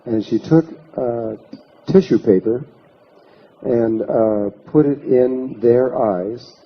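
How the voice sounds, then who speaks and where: Speaking slowly at a medium pitch, a man leads a workshop with a long story, imitating the voices of those he quotes. He restarts many times in this anecdotal storytelling lecture, and the dull lo-fi recording carries slight background noise.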